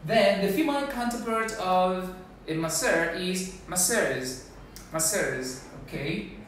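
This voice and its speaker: A man teaching a diction class, slowly repeating words to show how they are said. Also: sits high, animated, a bit bright, a little hiss or hum. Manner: slow, deliberate, repeats each word. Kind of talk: pronunciation lesson. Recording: very echoey room from a distance.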